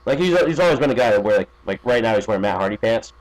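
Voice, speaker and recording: A man's voice: on the low side, expressive, racing, rough recording. A man chatting as a podcast guest, rambling with many fillers, restarts and profanity. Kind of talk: casual podcast chat.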